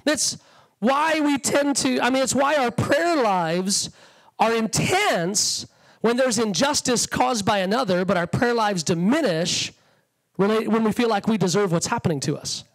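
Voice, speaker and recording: A male guest preacher with a strikingly high voice delivers a fervent, conversational sermon. His pitch swings widely as he acts out quoted thoughts. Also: expressive, measured pace, rough recording. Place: church sanctuary.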